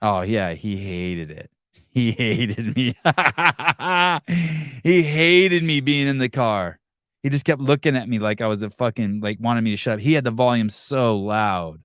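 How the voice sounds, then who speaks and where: A male podcast host in casual chat, ranting in a profane, animated way. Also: medium pitch, measured pace, dry recording.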